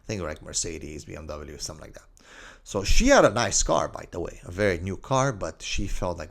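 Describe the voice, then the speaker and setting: Deep gravelly man telling a story. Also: brisk. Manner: lively, scattered storytelling with many asides. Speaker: Islamic life coach. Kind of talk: storytelling monologue.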